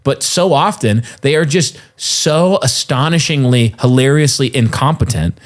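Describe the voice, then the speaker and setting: A man co-hosting a podcast in casual chat, mocking and laughing often, with quick restarts. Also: medium pitch. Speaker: podcast co-host.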